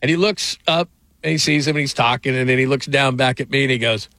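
Talking sports casually on his radio show, a middle-aged host meanders through stories, restarting often, leaning on fillers, and laughing a lot. His medium-pitched voice is fast, pushed, and bright, with a little hiss or hum.

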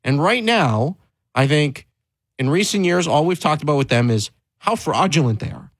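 A man's voice: a little high, animated, moderate pace, no echo, poor audio. A man hosting a sports talk show, speaking emphatically and candidly, pressing his points with rising stress and frequent restarts.

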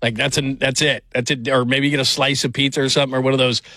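Male radio host, bright and forceful, rambling jokey banter, dry studio sound. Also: mid-range voice, level tone, fast, no room sound. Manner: rambling, jokey, with many restarts. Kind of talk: casual chat.

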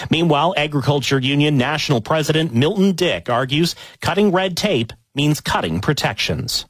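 A man reading a filed news report with a lively, inflected delivery. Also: fairly high pitch, moderate pace, breathy edge, no room sound.

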